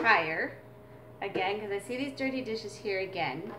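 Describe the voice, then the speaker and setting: A woman's voice: medium pitch, lively intonation, unhurried, loud music behind the voice. A woman teaching a drumming exercise as a mother, explaining in an earnest, reflective way. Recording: echoey room with drums.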